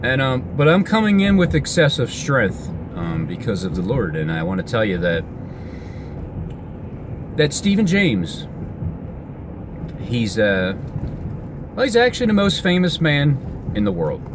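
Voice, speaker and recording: A man vlogging outdoors in a rambling, excitable monologue, his pitch jumping all over as he talks. He keeps stopping, restarting and trailing off mid-sentence. Cars and street noise carry clearly behind him. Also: a little slow, long pauses.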